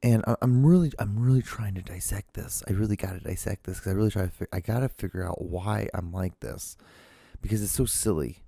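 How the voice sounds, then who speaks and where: Gravelly low-voiced man rambling. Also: a little fast, dark tone, no echo, clean studio sound. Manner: rambling, profane, many restarts. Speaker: podcast host. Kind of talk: casual solo monologue.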